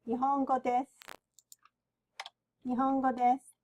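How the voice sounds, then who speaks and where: A woman with a Japanese accent, a native Japanese speaker, teaching a beginner language lesson and repeating each word slowly and carefully. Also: high voice, little pitch movement, darkish tone, highs cut off. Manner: slow and careful, repeating words for the learner.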